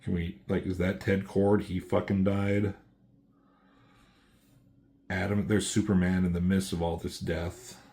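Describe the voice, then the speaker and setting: A man giving a casual, excited comic book review, swearing freely as he walks through the pages. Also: sits low, measured pace, vocal fry, long pauses. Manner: excited, loose, swears often.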